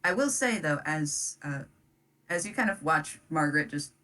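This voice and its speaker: A woman's voice: low voice, lively intonation, moderate pace, pushed and bright, recorded from a distance, low-quality recording. A woman narrating a tabletop game as game master, hesitant and loose, full of "um" and "kind of".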